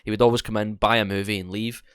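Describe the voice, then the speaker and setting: Lively young man telling stories. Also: on the low side, fast, clear, resonant tone, no echo, clean studio sound. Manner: animated, sweary storyteller acting out both sides of exchanges. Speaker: podcast co-host. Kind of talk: casual storytelling chat.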